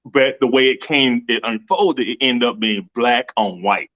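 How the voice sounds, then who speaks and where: A man's voice: medium pitch, measured pace, fairly bright tone, muffled recording. A middle-aged man co-hosting a casual livestream discussion, retelling events in a rambling way with many restarts. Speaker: co-host. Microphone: video call.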